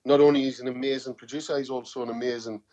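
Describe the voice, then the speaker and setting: A man's voice: mid-range voice, racing, muffled recording. A man with a Geordie accent chatting as a podcast guest, telling stories animatedly and repeating words as he goes. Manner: animated storyteller, repeats words, says "you know what I mean". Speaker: podcast guest, singer-songwriter. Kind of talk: casual podcast chat.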